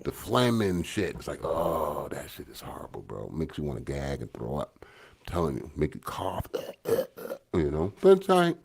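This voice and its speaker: A man's voice: a bass voice, wildly swooping pitch, normal speed, vocal fry, a little mellow, breathy edge. A man co-hosting a podcast in casual chat, getting over a cold, laid-back and swearing freely. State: recovering from a cold. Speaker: podcast co-host.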